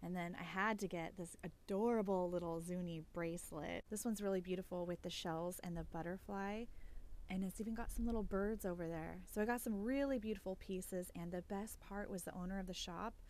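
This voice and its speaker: A woman reselling vintage goods, chatting in a casual vlog, excitable and quick to get emotional. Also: lowish voice, slight background noise. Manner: excitable and gushing, easily emotional. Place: small vintage shop indoors.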